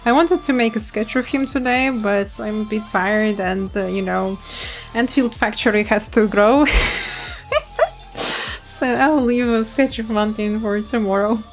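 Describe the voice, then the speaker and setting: A woman's voice: medium pitch, a little slow, faint music behind. A young woman streamer reading a game story aloud and chatting loosely with viewers. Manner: chatty, loose, with small restarts.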